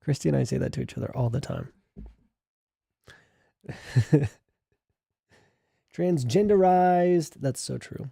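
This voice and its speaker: Young male streamer, loose and jokey, reading chat; very dark voice, close and dry. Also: medium pitch, fairly even intonation, a little slow, vocal fry, long pauses, husky, no echo. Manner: chatty, joking, reads chat aloud. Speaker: livestream host. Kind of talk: casual livestream chat.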